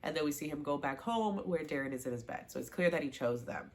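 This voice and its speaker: A fast-talking woman with a deep voice recaps a TV season as a show recap vlogger. Her tone is casual and animated while she plays the characters' lines and gushes over the scenes she adores.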